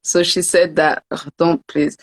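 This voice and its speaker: A woman's voice: on the low side, flat delivery, unhurried. A young woman hosting a heartfelt interview, speaking earnestly with frequent stammers and repeated words, and translating her guest's French into English. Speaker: author and host. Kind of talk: emotional interview and live translation.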